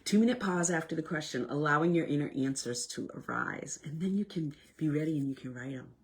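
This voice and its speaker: A woman leading a self-help workshop in a casual motivational talk. She is animated, swinging between loud bursts and hushed, near-whispered lines. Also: low voice, fairly quick, breathy edge.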